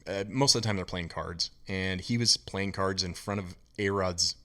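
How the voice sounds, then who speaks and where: A man who is a guest on a podcast, telling stories in a casual, animated way and acting out the people in them. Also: low-pitched, normal speed. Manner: animated anecdote teller, voices the people in his stories. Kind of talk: casual storytelling.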